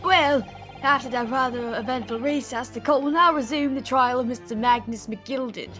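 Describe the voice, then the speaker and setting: A woman's voice: sits high, moderate pace, fairly bright tone, soft background music. A woman voicing a pompous male judge who scolds and presides over a trial. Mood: stern. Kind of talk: voicing game dialogue aloud.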